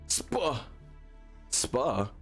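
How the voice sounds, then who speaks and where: A man voicing a cowardly older bishop, pleading for his life in a shrill, whining voice. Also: big pitch swings, drawn-out words, breathy edge, faint music behind, exaggerated voice.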